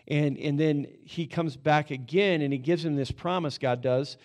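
A middle-aged man preaches with a slightly high voice, talking casually and with plenty of energy. He stumbles through restarts and fillers. His delivery stays loose and conversational. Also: steady tone, normal speed. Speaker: pastor. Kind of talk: sermon.

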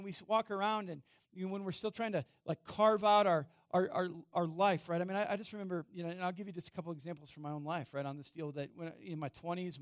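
A man preaching a sermon in a church, chatting with the congregation and asking them questions, getting louder for emphasis and going quiet and low to read scripture. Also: dry recording, studio quality. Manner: conversational, self-deprecating, asks the congregation questions. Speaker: pastor. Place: church sanctuary.

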